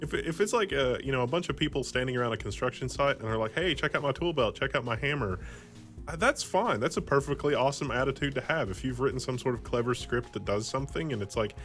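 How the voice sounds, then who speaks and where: A man co-hosting a casual tech discussion, talking in an animated, rambling way with jumpy intonation. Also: mid-range voice, fast, hardly any pauses, faint music behind. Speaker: co-host.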